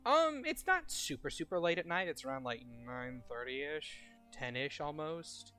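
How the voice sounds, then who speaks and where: A man's voice: fairly high pitch, animated, a little slow, pushed and bright, faint music behind. A man narrating a tabletop game as game master in a rambling, casual way.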